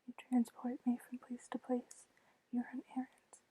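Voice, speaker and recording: A woman in whispered role-play voicing an old male con man, in a soft unvoiced whisper. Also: fairly high pitch, completely flat delivery, a little slow, slight background noise, natural voice, low-quality recording. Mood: sly.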